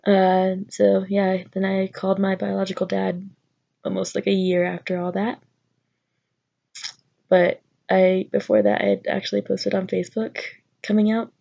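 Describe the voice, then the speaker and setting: A woman's voice: medium pitch, level tone, a little slow, creaky, long pauses, a little mellow, lo-fi sound. A young woman telling a personal story in a vlog, nervous and rambling with many fillers. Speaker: vlogger.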